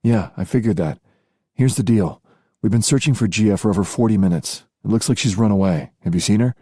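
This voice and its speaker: A man's voice: lowish voice, fairly quick, mellow, breathy edge, no room sound, studio quality. A man voicing an impatient male ally on the phone in an audiobook, grumbling and demanding.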